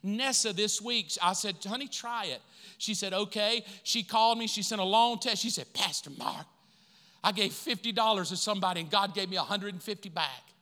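A male pastor preaching a sermon full of stories, his telling animated and rising to excited emphasis. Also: high-pitched, brisk, in a large hall. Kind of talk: storytelling sermon.

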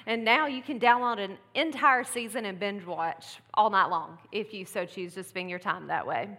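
Long church-hall reverb fills the sanctuary as the pastor's wife offers a chatty, casual Mother's Day sermon with laughing asides. She talks at a moderate pace in a medium-pitched voice that sounds pushed and bright.

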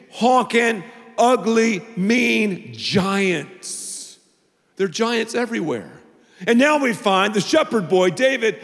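Animated high-voiced male pastor preaching. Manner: playful and animated, with repeated phrases. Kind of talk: energetic sermon to a family audience. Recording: long reverb of a large hall.

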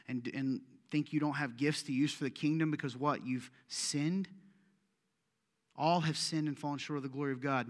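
A man preaching a sermon as pastor, animated and putting pointed questions straight to the congregation in a church. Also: mid-range voice, long reverb tail. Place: church sanctuary.

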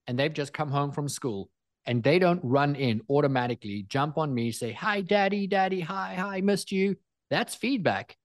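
A man's voice: medium pitch, no echo. A man telling personal stories in an earnest, emphatic way, repeating phrases for effect, in a motivational talk. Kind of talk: motivational storytelling.

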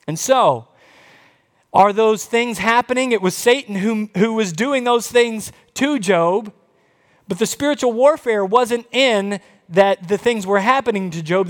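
A man preaching a sermon, telling Bible stories with animated quoted voices. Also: high-pitched. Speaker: pastor. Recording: long reverb of a large hall.

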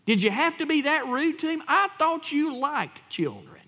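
A man acting out a wife softly reproaching her husband, in a reverberant hall. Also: extremely high pitch, very animated, normal speed, pitched above the performer's own voice, full character voice. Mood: reproachful. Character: gently scolding wife.

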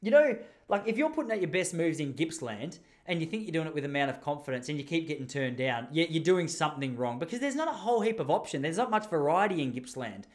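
A man's voice: on the high side, fast talker, few pauses. Rambling, jokey Australian man. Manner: rambling, jokey, animated storytelling with laughs. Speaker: podcast host. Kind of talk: casual chat.

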